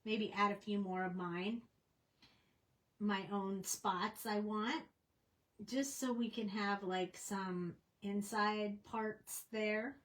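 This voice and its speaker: A woman's voice: medium pitch, fairly even intonation, takes it slowly, a bit bright, rough recording. A woman casually teaching a coloring tutorial on a livestream, chatty and rambling with plenty of fillers. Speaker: craft instructor.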